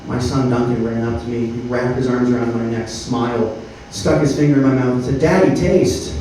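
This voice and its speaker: A man in his thirties performing a stand-up comedy set on a club stage, deadpan, with frequent filler words. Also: mid-range voice, fairly quick, a little hiss or hum. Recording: roomy club sound from a distance. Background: faint room ambience.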